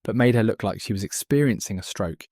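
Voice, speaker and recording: A man's voice: lowish voice, a little fast, darkish tone, no room sound, studio quality. A man voicing a blunt, crude male former palace footman. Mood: scornful.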